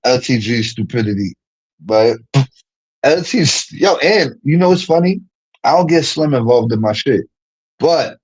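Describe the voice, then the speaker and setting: A man, ranting in casual livestream chat, slangy and animated, laughing often. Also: mid-range voice, dull audio. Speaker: streamer.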